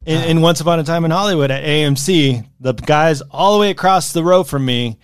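A man chats on a podcast with a slightly raised pitch, stumbling through rambling stories with lots of fillers. His voice is recorded close and dry. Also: a little fast, smooth, no echo. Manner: rambling, filler-heavy storytelling. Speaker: podcast co-host. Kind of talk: casual chat.

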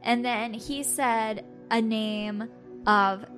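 Woman, podcast co-host, casual storytelling, slightly high voice, animated, laughs often, faint music behind. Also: very slow. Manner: animated, laughing often, acting out her own past lines.

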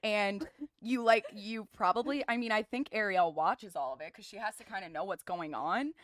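A woman's voice: mid-range voice, normal speed, fairly bright tone, dry recording, studio quality. A young woman co-hosting a podcast, talking casually and emphatically with loose slang. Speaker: podcast co-host. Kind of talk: casual recap chat.

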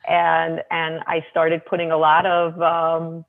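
A woman, co-author of a parenting book and mother of two, telling relaxed stories about raising her kids in a chatty way. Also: low voice, slow. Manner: relaxed, anecdotal, hesitant restarts. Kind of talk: casual conversational storytelling. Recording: tinny phone-like line.

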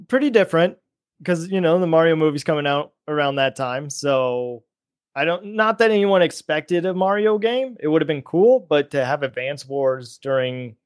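A man's voice: mid-range voice, clear, resonant tone, dry recording, clean studio sound. A man co-hosting a casual games chat, easygoing and teasing the others. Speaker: podcast co-host.

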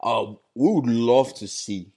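A man's voice: mid-range voice, slow pace, dark tone, slightly rough. A man hosting a casual interview, often repeating his guest's words and chiming in with agreement. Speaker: host.

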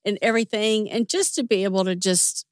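A woman's voice: medium pitch, brisk, no echo. Chatty woman guest, dry close sound. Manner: warm, chatty, animated when retelling. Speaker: interview guest. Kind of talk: casual storytelling interview.

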